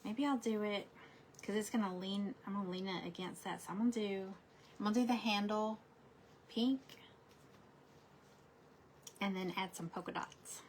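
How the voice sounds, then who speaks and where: A middle-aged woman chatting casually while she paints crafts, telling stories and often trailing into soft asides. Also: medium pitch, fairly even intonation, moderate pace, long pauses, a little hiss or hum. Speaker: crafting vlogger.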